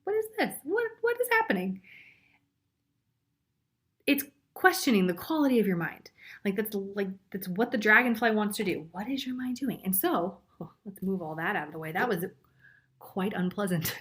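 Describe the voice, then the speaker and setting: A woman giving a live group psychic reading, talking bluntly and swearing freely. Her voice is bright and forward, and she breaks into laughter and sudden whispers as she chats to listeners. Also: mid-range voice, lively intonation, moderate pace. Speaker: psychic reader.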